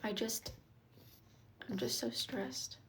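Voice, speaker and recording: A woman's voice: mid-range voice, sing-song, takes it slowly, poor audio. Stressed-out woman rambling on a livestream, swears a lot, keeps restarting sentences. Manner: repeats herself, restarts sentences. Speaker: TikTok live streamer, wood-burning artist. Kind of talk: casual live-stream chat reading comments.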